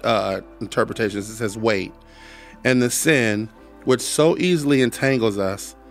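A man's voice: fairly low pitch, measured pace, faint music behind. A man sharing his personal testimony as a podcast guest. He speaks earnestly, repeats phrases for emphasis and quotes scripture like a preacher.

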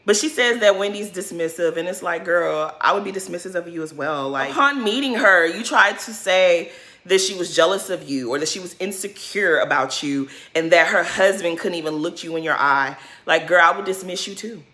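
A woman's voice: fairly low pitch, normal speed, bright, forceful tone. A woman giving casual, blunt commentary on a reality TV episode, talking straight to her viewers. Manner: sassy, blunt, addresses viewers as girl. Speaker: reality TV recap vlogger.

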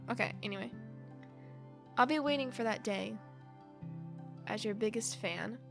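A woman's voice: on the high side, measured pace, creaky, over music. A woman YouTuber reading a webcomic aloud and reacting to it, bubbly and gushing, with frequent giggles.

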